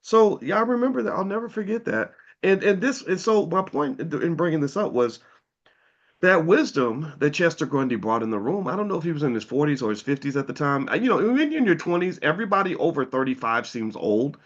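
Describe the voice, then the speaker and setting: A man's voice: fairly high pitch, big pitch swings, brisk. A man in his fifties telling a story in a blunt, fiery monologue, swearing freely. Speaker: commentator and educator. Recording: slightly muffled recording.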